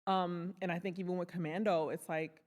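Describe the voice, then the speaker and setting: A woman's voice: fairly low pitch, little pitch movement, brisk. A woman co-hosting a podcast, talking in a casual, earnest and reflective way about friendship and grief. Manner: earnest, reflective, drops to soft tones on grief. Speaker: podcast co-host. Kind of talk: casual heartfelt chat. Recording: echoey room with long reverb.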